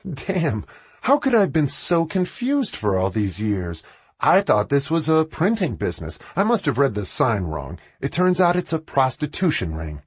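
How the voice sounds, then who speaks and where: A man voicing a sharp, sarcastic woman who is angry with her boss in an audiobook, speaking in a raised voice. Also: mid-range voice, huge pitch swings, normal speed, slightly rough, dry recording, voice pushed up. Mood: furious sarcastic. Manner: biting, sarcastic delivery.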